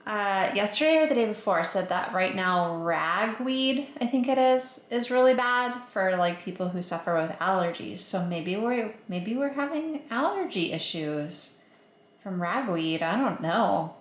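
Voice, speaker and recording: A woman's voice: mid-range voice, animated, measured pace, echoey room. A woman chatting casually to her camera at home, rambling with plenty of fillers. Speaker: vlogger. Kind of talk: casual home vlog chat.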